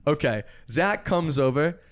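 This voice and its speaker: A young man on a podcast, telling a story to friends in a casual, animated way and acting out the people in it. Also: a little high, a little slow. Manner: animated, acts out quoted voices, laughs often.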